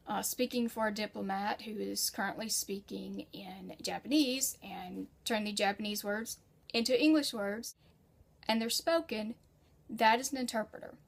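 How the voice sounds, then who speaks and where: A woman's voice: mid-range voice, normal speed, gravelly. A woman from the United States, a freelance writer, explaining translation basics in a chatty, self-deprecating way with frequent personal asides. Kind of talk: casual instructional monologue.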